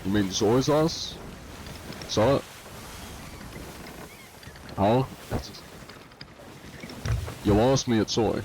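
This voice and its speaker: A man's voice: on the low side, expressive, slow, long pauses, a little mellow, a little hiss or hum. A man streaming a pirate game live, reading viewer comments aloud and answering them in a joking, laid-back way. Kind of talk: casual live-stream chat while gaming.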